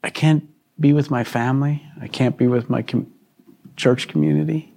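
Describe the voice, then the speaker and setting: A man's voice: medium pitch, fairly even intonation, moderate pace, gravelly, warm tone. A man, a pastor, preaching a conversational sermon to his congregation, asking questions and laughing often. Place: church hall.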